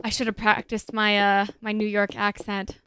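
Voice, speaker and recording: A woman's voice: medium pitch, completely flat delivery, moderate pace, fairly bright tone, slight background noise. A young woman with a West Coast US accent, chatting casually with viewers while streaming a game, rambling with frequent restarts.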